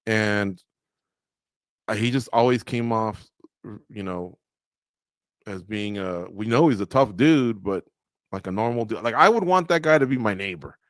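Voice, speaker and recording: In the studio, a sports radio co-host with a lowish voice speaks at a measured pace, pausing often but staying animated, with no room sound. He tells stories casually, acts out quotes, and laughs at his own jokes.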